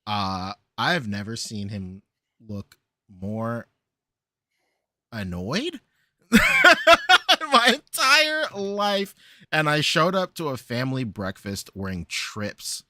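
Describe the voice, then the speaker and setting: A man hosts a casual podcast with a lively, up-and-down delivery and a bright, forward tone. He laughs often and tells stories in loose, repeating phrases. The sound is close and dry, with no room around it. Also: mid-range voice, takes it slowly, long pauses, no echo. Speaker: podcast host.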